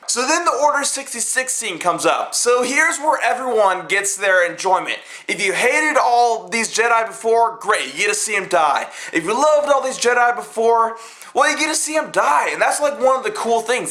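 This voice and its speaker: A man giving a casual, rambling film review, profane and excitable, full of fillers. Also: high-pitched.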